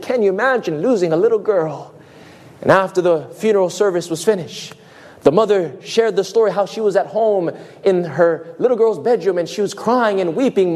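Male preacher with a high-pitched voice, emphatic sermon delivery. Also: a little mellow. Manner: emphatic preaching, dramatic pauses, acts out quoted voices.

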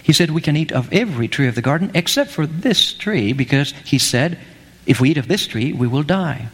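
A man's voice: a little high, lively intonation, a little fast, a bit bright. A man quoting a clever woman who firmly corrects a claim, in a sermon. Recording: echoey hall.

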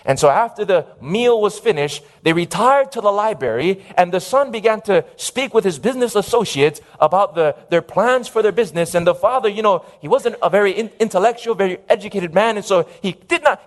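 A male preacher delivers a sermon in a high voice. He speaks emphatically and stops often to call out for an amen from his listeners. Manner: emphatic, calls for audience amens.

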